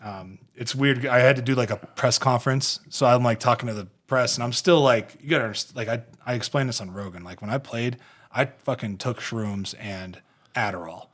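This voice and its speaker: Medium in pitch and normal in speed, the voice belongs to an Ohio man in his thirties who hosts a podcast. A former pro football player, he tells loose, profane, laughing stories about his time in the game.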